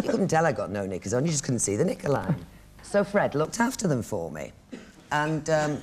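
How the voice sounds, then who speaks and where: A woman's voice: extremely low pitch, slight background noise. A middle-aged woman appearing as a guest on a chat show and telling a chatty anecdote with giggles. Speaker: guest actress.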